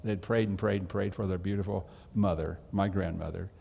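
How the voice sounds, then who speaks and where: A man's voice: low-pitched, steady tone, brisk, creaky, warm tone, husky, long reverb tail. A man preaching a sermon as pastor, telling a folksy story and asking the congregation direct questions.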